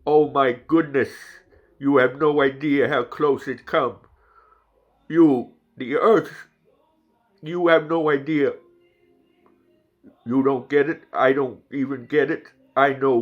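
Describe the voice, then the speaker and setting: A man's voice: mid-range voice, fairly even intonation, slow, long pauses, muffled recording. A man voicing a collective of channelled spirits, emphatic, devoted and blunt, in a spiritual channelling monologue. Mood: emotional. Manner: insistent, preachy, swears bluntly.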